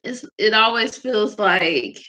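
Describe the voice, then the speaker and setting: A woman's voice: mid-range voice, animated, slow, bright, forceful tone. A woman hosting a podcast about faith, talking candidly in a casual way, with many fillers and frequent laughs. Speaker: podcast host. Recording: dull lo-fi recording.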